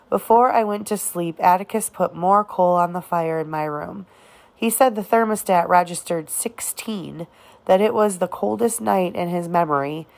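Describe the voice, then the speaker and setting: A woman narrating an audiobook of a novel, reading in a halting way with occasional restarts on words. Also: lowish voice, creaky. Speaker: audiobook reader.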